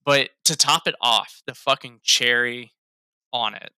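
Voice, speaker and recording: A man's voice: medium pitch, a little slow, bright, forceful tone, clear, resonant tone, no echo, clean studio sound. A man in casual chat about a film, laughing a lot, swearing freely and acting out lines he liked. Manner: laughing, profane, quotes lines in raised voices. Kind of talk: casual movie review chat.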